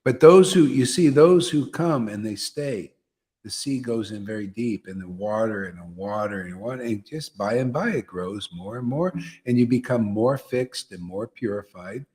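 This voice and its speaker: A man's voice: on the low side, normal speed, a little mellow. Emphatic man giving a devotional talk. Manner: repetitive, emphatic, asks listeners "see?". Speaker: spiritual teacher leading satsang.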